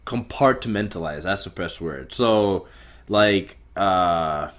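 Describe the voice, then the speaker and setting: A man's voice: deep voice, slow pace, fairly bright tone. A young man rambling through a profane solo podcast monologue, talking in circles. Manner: rambling, profane, stream of consciousness. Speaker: podcast host.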